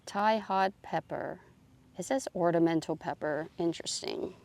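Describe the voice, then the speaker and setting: A woman's voice: lowish voice, measured pace, creaky, darkish tone. A woman giving a casual, chatty tour of her outdoor garden, thinking aloud as she films on a phone. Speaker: gardening vlogger.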